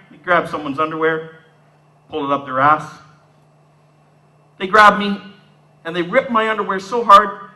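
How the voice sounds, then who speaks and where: A man's voice: high voice, bright, forceful tone, low-quality recording. A man in his fifties from Southern Ontario, telling his life story in a talk, acting out the scenes in a streetwise way. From Southern Ontario, Canada. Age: 50s. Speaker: speaker giving a talk.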